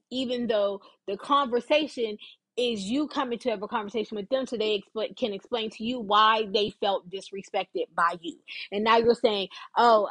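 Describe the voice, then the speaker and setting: A woman's voice: mid-range voice, dry recording, low-quality recording. A woman hosting a podcast and giving casual opinion commentary in an informal, emphatic way, repeating points for stress.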